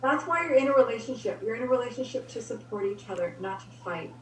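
A woman guest giving relationship advice in an energetic way, acting out example dialogue. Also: fairly high pitch, fast talker. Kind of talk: casual conversation. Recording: roomy, distant mic with faint hum.

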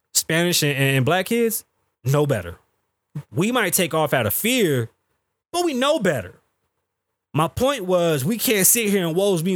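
A podcast host from the Bronx with a somewhat high voice, ranting in a heated, profane way. The sound is close and dry, with little room around it. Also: male voice, no room sound. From the Bronx, New York. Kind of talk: casual podcast rant.

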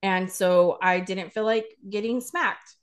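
A woman in her thirties co-hosts a casual podcast chat. She talks frankly, swears freely and acts out the scenes she retells. Her voice sits at a middling pitch for a woman. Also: takes it slowly. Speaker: podcast co-host.

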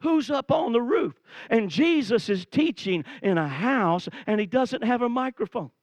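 A man preaching a sermon, telling a Bible story with animated energy and acting out the quoted lines, rising to shouts. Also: extremely high pitch, normal speed, no echo.

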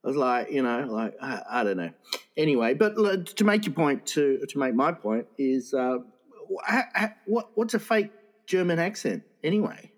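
A man with a slightly high voice co-hosts a comedy podcast. He swears freely and rambles in disbelief, restarting his sentences over and over. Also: big pitch swings, moderate pace. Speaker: co-host.

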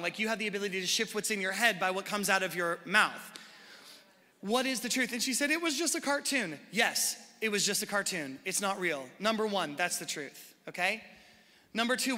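A man preaching a sermon as a pastor, in a conversational, animated style with casual asides to the congregation. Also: high voice. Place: large church hall. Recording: live sermon in a reverberant hall.

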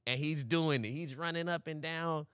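A man's voice: fairly high pitch, moderate pace, fairly bright tone, smooth, no room sound, studio quality. A young man co-hosting a podcast, telling a story in casual chat, acting out the quotes and laughing often. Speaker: podcast co-host.

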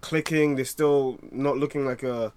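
A man's voice: mid-range voice, fairly even intonation, a little slow, darkish tone, clean tone. A man co-hosting a sports podcast in casual chat, rambling with many fillers and restarts. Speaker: podcast co-host.

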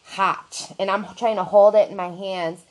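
A woman spinning a wild tale about herself with plenty of swearing, animated and self-mocking. Her voice sits at an ordinary middle pitch for a woman. She talks in a loose, chatty podcast style. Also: measured pace. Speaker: podcast co-host telling a story. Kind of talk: casual chat storytelling.

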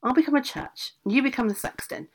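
A clever, gentle young maiden from a fairy tale, voiced by a woman reader, speaking calmly and resourcefully. Her voice lifts lightly above the narration, with a soft husky grain. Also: high-pitched, quick pace, voice pushed up. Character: beautiful young female maiden, clever and calm.

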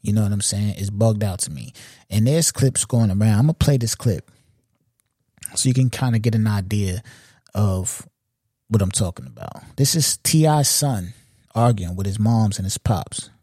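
A man on a podcast mic, talking things over in an easy, mellow tone. His speech is loose and full of slang and profanity, peppered with asides to the listener. The sound is close and dry. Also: lowish voice, lively intonation, moderate pace, slightly rough, dry recording. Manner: loose, profane street slang, frequent "you know what I'm saying". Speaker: podcast host. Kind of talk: casual commentary.

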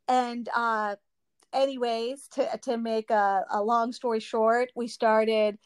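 A woman's voice: fairly high pitch, slow pace, clean tone, no room sound. A woman, a mother, animatedly retelling her testimony with frequent laughs. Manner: animated storytelling, laughs often.

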